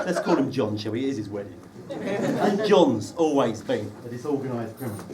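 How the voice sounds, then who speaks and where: Man telling a roast at a wedding. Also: mid-range voice. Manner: dry, teasing storytelling with comic timing. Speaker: wedding speech giver, friend of the groom. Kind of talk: humorous wedding speech. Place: wedding reception room, indoors. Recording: distant mic with loud room noise.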